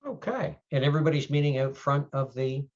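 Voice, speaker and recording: A man narrating a tabletop game as storyteller, relaxed and descriptive, with many fillers. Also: mid-range voice, brisk. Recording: dull lo-fi stream audio.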